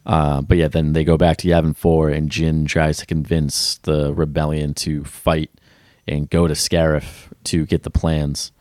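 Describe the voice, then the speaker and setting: A man's voice: a bass voice, little pitch movement, measured pace, few pauses, darkish tone, no room sound, studio quality. A man co-hosting a movie podcast, casually recapping the plot and starting lines with "uh, but yeah". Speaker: podcast co-host.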